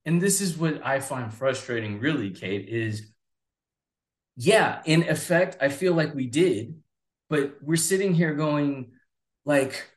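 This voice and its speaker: A man in his forties, co-hosting a casual political chat, talking in an animated, rambling way. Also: on the high side, slow pace. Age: 40s. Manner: animated, rambling, acts out voices. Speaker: podcast co-host. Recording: roomy echo.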